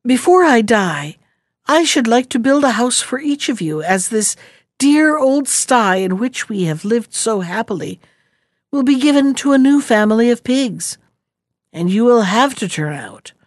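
A woman reading as a feeble old mother pig, slow and earnest. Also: fairly high pitch, lively intonation, no room sound.

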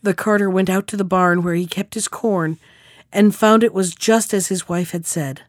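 A woman hosting a podcast, reading a fairy tale aloud in a measured, clear way. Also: mid-range voice, steady tone. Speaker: podcast storyteller.

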